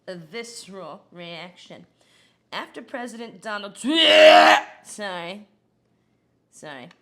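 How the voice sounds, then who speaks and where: A woman's voice: medium pitch, bright, forceful tone. A woman doing a cackling brash politician parody. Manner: bursts of cackling laughter between crude punchlines. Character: cackling middle-aged female politician parody, brash and irreverent. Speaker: comedic news anchor. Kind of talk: satirical news comedy.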